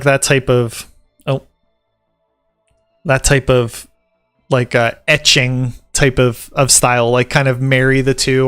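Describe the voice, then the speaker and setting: A man from the American South rambles easily and jokes his way through reading points from an article. His voice is smooth and clear, recorded close and dry. Soft music plays faintly behind him. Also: medium pitch, no echo. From Southern United States. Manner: rambling and joking, reads article points aloud and riffs on them. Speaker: vlogger and tattoo apprentice. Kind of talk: casual chat to camera.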